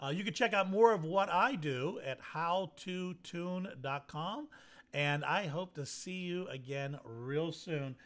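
A man telling a children's animal story in a playful, animated manner, then thanking a festival audience. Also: on the high side, slow pace.

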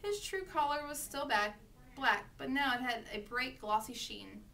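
A woman reading a children's storybook aloud with steady, expressive narration. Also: sits high, measured pace, vocal fry, distant mic. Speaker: reader.

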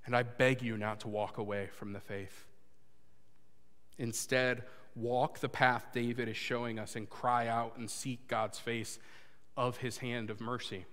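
A man preaching a sermon and telling a personal story, earnest, moving between loud urging and hushed confession. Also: mid-range voice, level tone, unhurried. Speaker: pastor. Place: church sanctuary before a congregation. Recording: long hall reverb.

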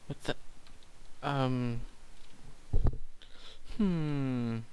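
A man's voice: mid-range voice, drawn-out words, clean tone. A young man giving hyper, goofy commentary over his gameplay. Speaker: gamer. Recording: loud background noise.

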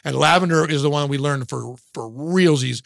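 A man's voice: on the high side, normal speed, gravelly, fairly bright tone, no room sound. A man who grows and sells plants, chatting bluntly and ramblingly on a podcast in a studio. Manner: blunt, rambling, swears casually. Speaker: nursery grower. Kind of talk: casual podcast chat.

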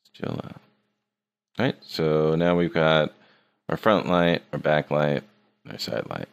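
A man's voice: extremely low pitch, lively intonation, a little slow, vocal fry, smooth, muffled recording. A man teaching a 3D rendering class in a casual screen-recorded tutorial, joking and teasing his students as he works. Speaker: 3D art teacher.

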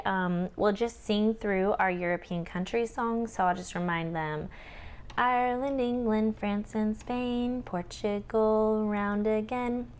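A young woman, a homeschool tutor, walking through her lesson plan and acting out the prompts she gives children in a sing-song teacher voice. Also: medium pitch.

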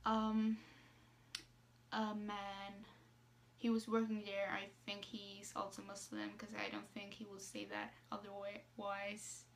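A woman from Sweden with a Swedish accent, telling a story to her phone camera in a halting way, full of ums and likes. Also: medium pitch, slight background noise. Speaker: vlogger.

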